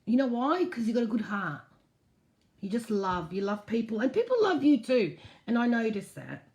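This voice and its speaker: A woman's voice: on the high side, big pitch swings, normal speed, a little mellow. A woman hosting a casual live stream, reading out viewer comments and answering them frankly. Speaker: host.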